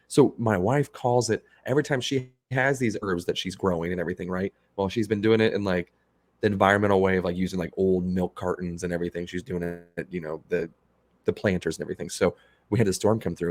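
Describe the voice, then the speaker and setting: A man co-hosting a podcast, telling crude jokey stories in casual banter. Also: on the low side. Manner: crude joking storyteller, gets loud when mock-upset. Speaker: podcast co-host.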